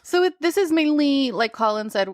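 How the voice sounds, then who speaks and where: A woman's voice: sits high, animated, normal speed, no echo, clean studio sound. A woman co-hosting a podcast, making joking asides in casual recap chat. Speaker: podcast co-host.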